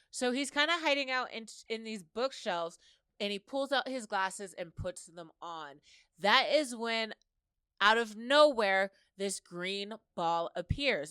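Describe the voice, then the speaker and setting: A woman hosts a podcast, recapping a story in a relaxed, talkative way and dropping into quoted back-and-forth between characters. Her voice is smooth and clear, sitting at an ordinary pitch. The sound is close and dry, with no room echo. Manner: chatty retelling of a story, slipping into quoted dialogue. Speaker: podcast host. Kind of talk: casual episode recap.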